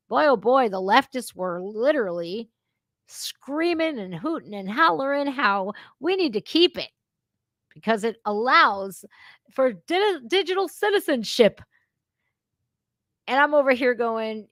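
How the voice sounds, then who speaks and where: A woman's voice: on the high side, animated, unhurried, fairly bright tone, no room sound, clean studio sound. A middle-aged woman hosting a reaction stream, talking bluntly with lots of swearing and mocking sarcasm. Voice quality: brash, blunt, swearing freely. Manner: sarcastic, mocking mimicry of opponents. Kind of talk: casual profane reaction commentary.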